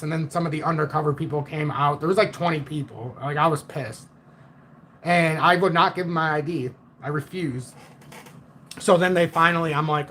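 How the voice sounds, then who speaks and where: A man on a casual livestream, telling a story in a blunt, profane and animated way. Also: fairly high pitch, moderate pace, slight background noise. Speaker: livestream host.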